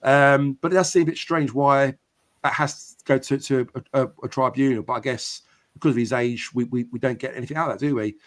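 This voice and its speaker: On his live football podcast, a man chats casually with his audience, reading out their comments and responding to each. He speaks a little fast, with a medium-pitched voice and a steady tone.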